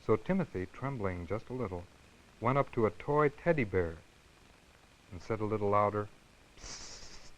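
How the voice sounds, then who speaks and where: A man hosting a children's television show, reading a picture book aloud in a gentle, animated storytelling manner and chatting with his listeners. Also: on the low side, normal speed, a little hiss or hum, poor audio.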